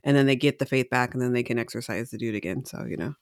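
A woman's voice: extremely low pitch, quick pace, dry recording. Woman, podcast co-host, casual chat, hesitant, rambling, lots of fillers, dry close sound.

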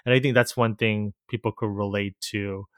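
A man's voice: fairly low pitch, steady tone, moderate pace, clear, resonant tone, no echo, studio quality. A man co-hosting a podcast in casual chat, meandering through his points and laughing easily as he explains. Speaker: podcast co-host.

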